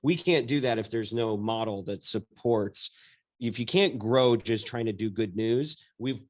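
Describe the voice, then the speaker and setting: A man's voice: lowish voice, a little slow. A man hosting an interview podcast, speaking thoughtfully with frequent restarts and fillers. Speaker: podcast host. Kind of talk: casual interview chat.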